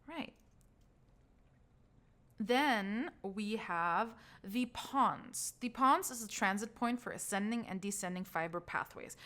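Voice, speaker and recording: A woman's voice: mid-range voice, a bit bright. Chatty woman teaching brain anatomy. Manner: casual, chatty, laughs at own slips. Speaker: trauma healing instructor. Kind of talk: recorded course lecture.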